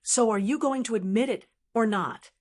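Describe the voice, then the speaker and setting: A proud young dragon queen speaks flatly and matter-of-factly, as a woman reads her in an audiobook. Her voice sits a little higher than the narration and stays composed. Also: normal speed, close to an everyday voice. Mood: cool. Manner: flat, matter-of-fact.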